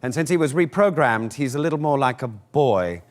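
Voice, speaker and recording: A man's voice: mid-range voice, moderate pace. A man telling stories in a casual interview, acting out voices as he goes. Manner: lively storyteller who acts out voices. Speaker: actor interviewee.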